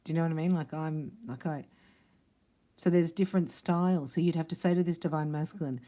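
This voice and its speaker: A woman's voice: low voice, fairly even intonation, a little fast, warm tone. A woman giving a casual spiritual card reading, chatty and emphatic, acting out little dialogues. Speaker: psychic card reader.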